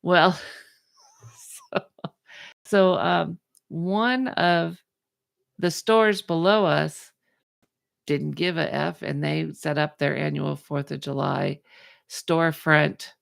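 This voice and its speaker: A woman with a low, gravelly voice tells a story on a podcast in easy, chatty talk. She acts out the people in it as she goes. The sound is close and dry. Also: fairly even intonation, takes it slowly, pauses often, no echo. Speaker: podcast host. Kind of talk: casual storytelling chat.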